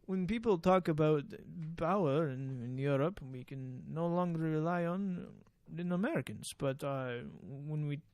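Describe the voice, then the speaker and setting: A man doing a slow, stiff male official. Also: on the high side, darkish tone, clean tone, no echo, lightly acted. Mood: mock-solemn. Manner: slow, halting delivery broken by laughter. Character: stiff male government official quoted mid-story.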